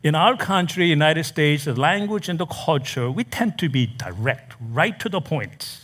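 A man preaching a sermon in a church, reading scripture and explaining it slowly and deliberately. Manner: slow, deliberate preaching with lively pitch swings. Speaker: pastor. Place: church in America.

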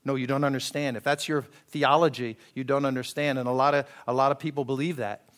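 Speaking quickly in a mid-range, fairly bright voice with little pitch movement, a pastor preaches in a conversational manner. He voices the characters he quotes and keeps asking the congregation whether they follow.

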